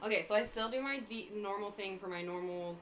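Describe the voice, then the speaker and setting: A woman's voice: mid-range voice, fairly quick, noisy background. Woman player working through the dice math. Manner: thinking aloud while working out rules and dice. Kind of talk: casual tabletop game chat.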